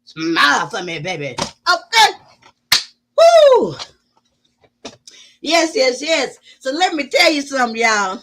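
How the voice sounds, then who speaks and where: Loud, whooping high-voiced woman streamer. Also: very animated, moderate pace, a little hiss or hum. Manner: loud, exclamatory and preachy, with whooping and cursing. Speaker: live-stream host. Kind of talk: casual live-stream talk to viewers.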